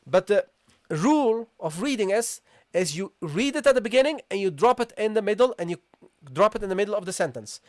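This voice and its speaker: A recitation teacher leads a live online tajweed lesson in a mid-pitched voice, explaining each point patiently and checking in with the class again and again. The sounds being taught are repeated slowly, and the voice is dry and close with no room echo. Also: expressive. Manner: addresses listeners casually as "guys".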